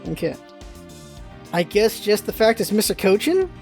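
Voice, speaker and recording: A woman casually commenting while playing a video game, chatty and self-mocking, with quick exclamations. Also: medium pitch, big pitch swings, a little mellow, soft background music. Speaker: let's play host.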